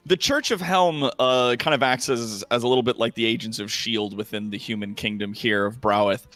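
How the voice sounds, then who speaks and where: A man's voice: medium pitch, moderate pace, fairly bright tone, no echo. A man with a Canadian accent hosting a tabletop game as game master, hammy and enthusiastic, laughing often.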